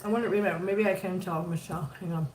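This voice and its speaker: A woman's voice: lowish voice, steady tone, racing. A fifty-year-old woman hosting a casual livestream, chatting with viewers and cooing at her cats. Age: 50s. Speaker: livestream host. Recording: roomy, picked up from a distance, faint noise.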